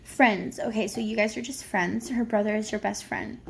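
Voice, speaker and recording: A woman's voice: medium pitch, normal speed, creaky, a little hiss or hum. A woman psychic medium giving a casual, rambling spirit reading on camera, full of fillers. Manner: chatty, rambling, many fillers.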